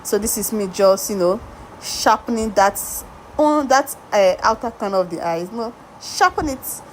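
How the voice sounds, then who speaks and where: Woman makeup artist, tutorial voice-over: coaxing, repetitive, lots of "do you get?" asides, mid-pitched, faint room hum. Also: lively intonation, normal speed, poor audio. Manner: emphatic, repeats words and asks viewers rhetorical questions; talks directly to viewers, coaxing and reassuring.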